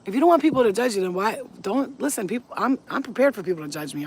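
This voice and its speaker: A woman with a deep voice, a spiritual reader, ranting bluntly and with plenty of swearing in a casual vlog. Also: very animated, fast talker, darkish tone, slightly rough. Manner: blunt, profane, emphatic. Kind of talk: casual to-camera vlog rant. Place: at home, smoking on camera.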